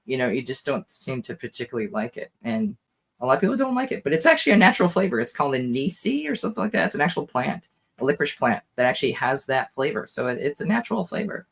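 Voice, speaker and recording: A man co-hosting a podcast in casual chat, hoarse and tired, rambling with lots of fillers and frequent laughs. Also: medium pitch, very animated, fast talker, a bit bright. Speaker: podcast co-host.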